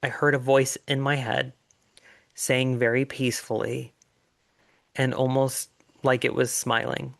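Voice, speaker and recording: A middle-aged man telling his own story in an earnest, reflective way, with pauses and fillers. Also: mid-range voice, flat delivery, vocal fry, fairly bright tone, no room sound, studio quality. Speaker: life coach sharing his story. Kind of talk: personal storytelling monologue.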